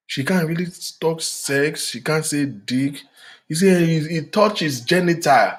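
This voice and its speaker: A man's voice: fairly high pitch, a little slow. A middle-aged man, hosting a frank relationship talk with an emphatic, preachy manner and bits of Yoruba. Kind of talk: frank relationship advice monologue.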